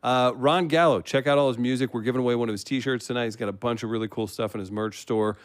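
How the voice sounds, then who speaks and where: A man's voice: medium pitch, steady tone, clear, resonant tone, no room sound. Upbeat man hosting a livestream. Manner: upbeat, quick, laughs a lot. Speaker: host. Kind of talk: livestream hosting, casual chat.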